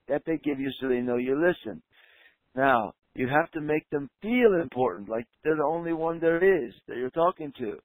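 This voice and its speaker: A man's voice: a little high, no room sound, poor audio. Male coach, emphatic teaching delivery, leans on key words, dry close sound. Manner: emphatic, slows down to stress key points. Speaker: practice coach. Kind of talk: training talk.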